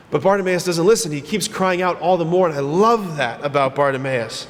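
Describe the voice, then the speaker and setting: A man preaching a sermon as a priest, telling the story with animated retellings and acted-out quotes. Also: on the high side, fairly quick, hardly any pauses, big-room sound. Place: church.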